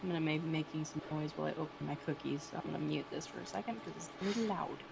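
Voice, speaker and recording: A woman's voice: sits low, racing, vocal fry, background noise. A young adult woman chatting casually during an art stream, laughing often and teasing playfully. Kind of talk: casual chat while drawing on stream.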